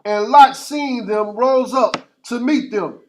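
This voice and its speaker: A man reading scripture aloud in a Bible class, steady and formal, going through old-fashioned verse verse by verse. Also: extremely high pitch, slow, a little hiss or hum. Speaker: scripture reader.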